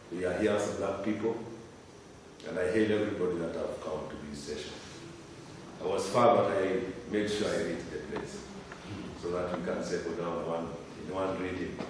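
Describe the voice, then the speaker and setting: Man, deep voice, rhythmic impassioned chanting, distant mic, echoing hall. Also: normal speed, a little hiss or hum. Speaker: Rastafari elder reciting a poem. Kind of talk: spoken word poetry and chanting at a gathering. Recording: echoey hall from far off.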